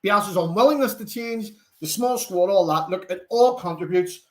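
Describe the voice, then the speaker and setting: Young Northern Irish male host, lively fan chat, higher-pitched delivery. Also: normal speed. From Northern Ireland. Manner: chatty, animated, reads out viewer comments. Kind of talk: live football watchalong chat.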